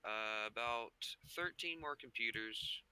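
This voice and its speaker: A man's voice: medium pitch, slow, bright, forceful tone, smooth, low-quality recording. A man chatting casually during a multiplayer game, listing the parts he still needs.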